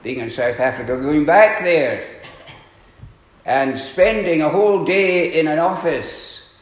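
A man preaching a sermon, earnest and deliberate, with emphatic questions, sudden drops in volume and frequent throat clearing. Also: fairly high pitch, echoey room. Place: church.

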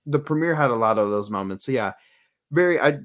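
A man co-hosting a podcast in casual chat, animated and acting out quotes in voices. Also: mid-range voice, a little fast. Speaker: podcast co-host.

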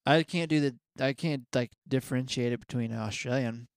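A man's voice: mid-range voice, normal speed, creaky, clear, resonant tone, dry recording, studio quality. A man from the United States, co-hosting a casual chat, curious and full of follow-up questions.

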